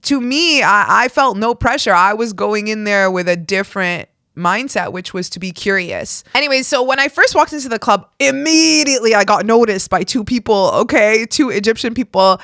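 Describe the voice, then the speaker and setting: A woman's voice: mid-range voice, normal speed, few pauses, a bit bright, dry recording, studio quality. A woman hosting a podcast alone, telling a personal story in a frank, profane way and acting out the lines of the people in it. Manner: frank and profane, acts out quoted dialogue. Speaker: podcast host. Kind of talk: candid solo storytelling.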